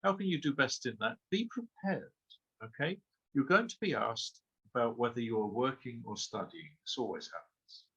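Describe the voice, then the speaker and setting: Husky-voiced man giving exam tips. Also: mid-range voice, animated, moderate pace, sharp tone, dull audio. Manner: emphatic, rhetorical questions, frequent "okay?". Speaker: exam trainer. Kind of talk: webinar lecture.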